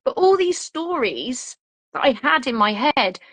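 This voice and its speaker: An animated mother with a slightly high voice tells her story, acting out her inner voice. The sound is dry and close, with no room around it. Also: unhurried, dry recording, low-quality recording. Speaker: guest, a mother. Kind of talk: casual conversational chat.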